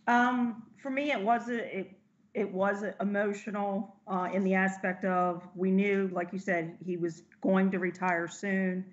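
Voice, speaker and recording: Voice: medium pitch, flat delivery, measured pace, muffled recording. A podcast co-host speaking hesitantly and reflectively in a casual chat.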